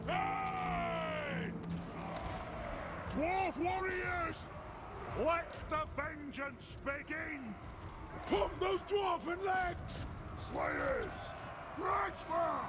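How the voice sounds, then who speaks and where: Gravelly, drawn-out roars from stout dwarf warriors in a battle video game. They bark orders and oaths with fierce pride, the voice high and strained from yelling. Game audio with loud battle noise underneath. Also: male voice, full character voice. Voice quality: gravelly, always shouting. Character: gruff male dwarf warriors bellowing battle cries.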